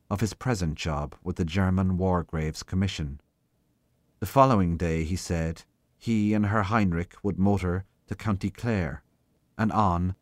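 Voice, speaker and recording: A man reading a short story aloud in a measured, unhurried way. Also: deep voice, no echo. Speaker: guest reader.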